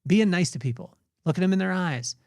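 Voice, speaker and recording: A man in his forties, a podcast host, talks through a heartfelt personal reflection, halting often with fillers and restarts, his voice tearful. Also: high-pitched, expressive, darkish tone, dry recording, clean studio sound. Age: 40s.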